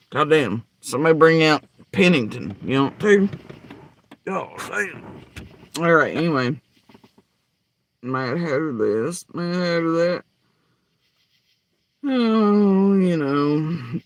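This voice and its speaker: A man's voice: mid-range voice, fairly bright tone, no echo. A man ranting angrily and profanely in reaction to clips, mocking and heated. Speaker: commentary host. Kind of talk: angry reaction rant.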